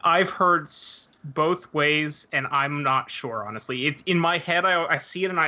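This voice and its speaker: A man's voice: on the high side, moderate pace, hardly any pauses, bright, forceful tone, highs cut off. A man as a guest on a casual podcast chat, thoughtful and a little hedging.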